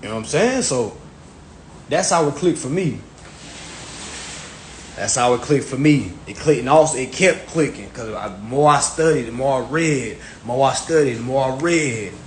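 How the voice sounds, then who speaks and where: A man's voice: medium pitch, lively intonation, normal speed. A man talking casually on a livestream, emphatic and profane, often repeating his phrases. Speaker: social media livestreamer. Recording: echoey room with faint background noise.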